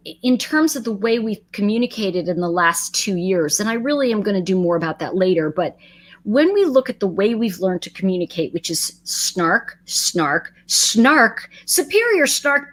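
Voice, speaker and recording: A middle-aged woman hosts a casual livestream in a loose, chatty way. Her pitch swings lively up and down as she greets viewers by name. She often drifts off mid-sentence and starts again. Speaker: livestream host.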